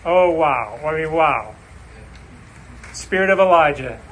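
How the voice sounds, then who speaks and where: A male pastor delivering a sermon, reading scripture and preaching with slow, emphatic, dramatic phrases. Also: on the high side, lively intonation, fairly bright tone, a little hiss or hum, rough recording.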